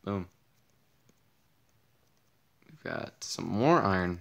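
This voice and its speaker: A man's voice: lowish voice, lively intonation, unhurried, vocal fry, pauses often. A young man with a tired, partly lost voice, rambling through casual gameplay commentary, easily startled and joking at himself. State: losing his voice, tired. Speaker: gaming channel host. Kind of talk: casual Let's Play commentary.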